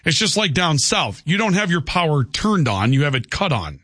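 A man's voice: on the high side, big pitch swings, normal speed, sharp tone, no echo, clean studio sound. A man hosting talk radio, chatty and folksy, wandering from topic to topic in loose banter. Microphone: studio microphone.

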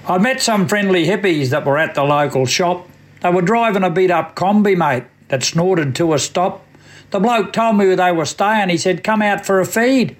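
A man with an Australian accent recites a comic bush poem in a high voice for radio. He tells it in a dry, drawling storyteller's way. His voice sits well above most men's. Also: moderate pace. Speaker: radio poet.

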